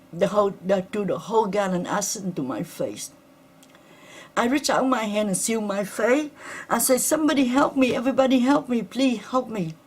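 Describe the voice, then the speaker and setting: Husky woman giving shaken testimony. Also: mid-range voice, darkish tone. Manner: halting non-native English, earnest and shaken. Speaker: interviewee, attack survivor. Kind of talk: emotional personal testimony.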